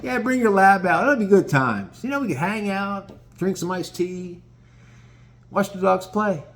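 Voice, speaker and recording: A man's voice: sits high, animated, measured pace, voice pushed up. Man playing a confident friendly neighbor, breezy, reassuring, bouncy delivery. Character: confident friendly competitive man inviting a buddy over.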